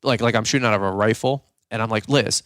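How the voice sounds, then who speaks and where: Animated man telling a story. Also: fairly low pitch, fast, no room sound, studio quality. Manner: animated, jokey, acts out quoted voices. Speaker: podcast host. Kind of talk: casual storytelling.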